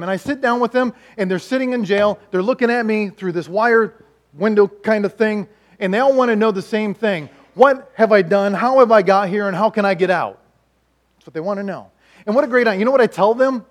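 A middle-aged man preaching a sermon, telling stories in an animated way and swinging between loud lines and hushed ones. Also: high-pitched. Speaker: pastor and chaplain.

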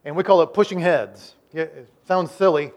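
A man preaching a sermon as the pastor, swinging between loud emphasis and quiet, slowed-down lines, often repeating and restarting words. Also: on the high side, muffled recording. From Iowa, United States.

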